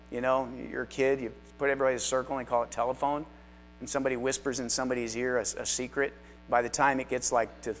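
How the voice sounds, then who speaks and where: Chatty man teaching a Bible class. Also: medium pitch. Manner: chatty and self-deprecating, with asides to the class.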